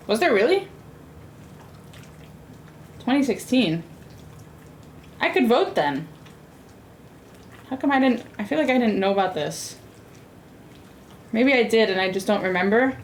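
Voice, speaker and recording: A young American woman streams herself cooking and chats casually with viewers, sassy and rambling with plenty of fillers. Her voice sits in the mid range, with slight background noise.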